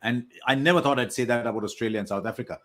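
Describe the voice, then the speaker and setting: A man giving measured, analytical post-match cricket talk over a remote link. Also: medium pitch, a bit bright. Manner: measured, analytical, self-correcting.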